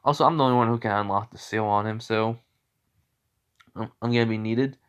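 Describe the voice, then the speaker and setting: A man's voice: on the low side, fairly even intonation, brisk, smooth, muffled recording. A man narrating an improvised fan story in a rambling way, full of fillers and self-corrections.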